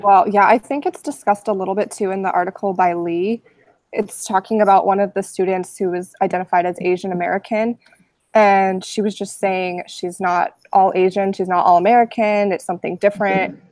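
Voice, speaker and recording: A woman's voice: medium pitch, fairly even intonation, fairly quick, a little mellow, no room sound. Woman leading a class discussion, dry audio. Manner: summarizing readings and posing questions. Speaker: discussion leader in a class webinar.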